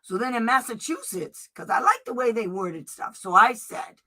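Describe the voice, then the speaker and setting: A woman's voice: fairly high pitch, expressive, moderate pace, hardly any pauses, sharp tone. A woman advocate giving an informal lesson, emphatic and direct, reading letter passages aloud and checking in with "okay?". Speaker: special education advocate. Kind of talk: informal teaching presentation.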